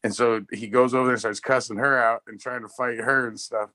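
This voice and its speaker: A man's voice: medium pitch, fairly even intonation, fairly quick, bright, forceful tone. A man co-hosting a casual pop culture live stream, telling rambling, profane anecdotes. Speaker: podcast co-host. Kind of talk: casual chat, storytelling.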